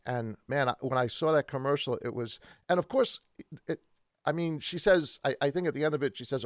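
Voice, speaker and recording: A man's voice: mid-range voice, brisk, no room sound. Male co-host of a faith talk, emphatic and stop-start, recorded dry and close. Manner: emphatic, repeats words and restarts. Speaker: church podcast co-host. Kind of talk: casual faith discussion.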